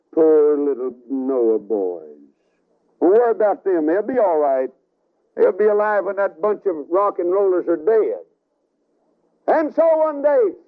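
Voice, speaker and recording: Dramatic preacher man on tinny radio. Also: fairly high pitch. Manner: dramatic storytelling with sudden loud and soft swings. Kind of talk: revival sermon.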